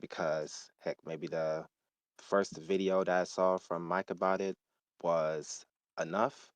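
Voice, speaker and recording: A man's voice: sits low, little pitch movement, slow, smooth, no echo. A man ranting heatedly and emphatically in a casual gaming discussion.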